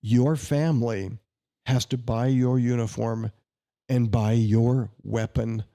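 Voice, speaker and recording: A man's voice: medium pitch, fairly even intonation, slow pace, dark tone. A man answering questions as a candidate in a podcast interview, speaking emphatically, with indignant, sarcastic jabs and chatty anecdotes. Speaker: congressional candidate.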